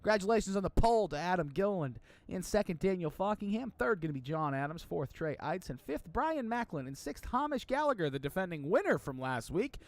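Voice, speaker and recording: A man calling sim truck racing play-by-play in an energetic, chatty manner. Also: sits high, a little fast, no echo. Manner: energetic, chatty, builds hype at the start. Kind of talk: play-by-play race commentary.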